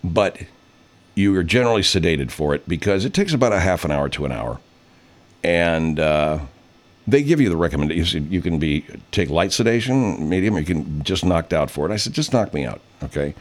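A low-voiced man over fifty chats casually and rambles through a story. He swears freely, and his pitch swings widely as he acts out the people he quotes. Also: expressive, normal speed. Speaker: radio host. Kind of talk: casual off-air chat.

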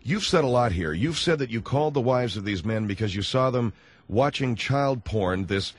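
A male radio talk show host interviewing a caller, with a voice of ordinary middle pitch. He keeps interrupting and asking incredulous, pointed questions. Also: animated, normal speed.

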